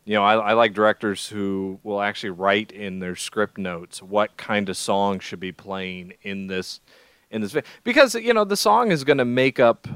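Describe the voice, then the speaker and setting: A man co-hosting a podcast, chatting casually about films in a rambling, animated way with lots of restarts. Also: on the low side, clean tone, no echo. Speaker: podcast co-host. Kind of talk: casual film chat.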